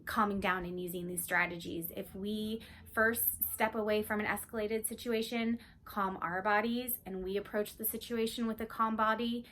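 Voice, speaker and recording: A woman giving gentle, unhurried advice on calming young children, in a casual talk to camera, sometimes dropping to a near-whisper. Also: medium pitch, slight background noise.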